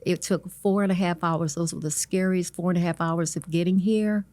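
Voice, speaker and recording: A middle-aged woman telling her life story as an interview guest, earnest and halting, with many restarts. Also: on the low side, fairly even intonation, darkish tone, no echo.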